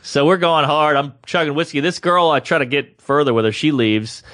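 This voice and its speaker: A man co-hosting a podcast, telling a comedic story in a casual, animated way and acting out the voices of the people in it. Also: a little high, fairly quick. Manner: animated, acts out quoted voices. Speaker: podcast co-host.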